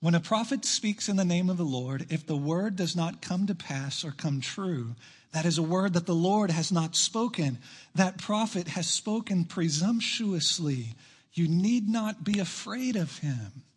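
A man preaching a sermon to his church, emphatic, rushing through asides and slowing down to stress key lines. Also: sits high, lively intonation, breathy edge. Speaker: pastor. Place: church sanctuary.

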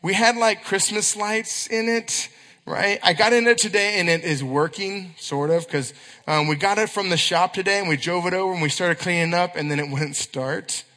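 Male youth preacher, high bright voice, lively storyteller, echoey church hall. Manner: animated storytelling with quick asides and acted quotes. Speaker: youth pastor. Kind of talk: sermon.

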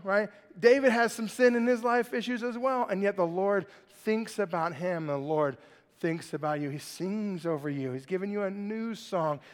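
Man preaching to a crowd, high voice, jokey, keeps asking right?, big echoey church hall. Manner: lively and joking, asks the crowd "right?" often. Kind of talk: sermon to a live congregation. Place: large church hall with congregation. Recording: long hall reverb.

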